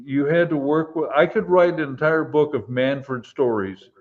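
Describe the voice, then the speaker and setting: A man, a retired police officer, telling a story slowly in casual live-stream chat, pausing often with fillers. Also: a little high, phone-quality sound. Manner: slow, halting anecdote with many fillers.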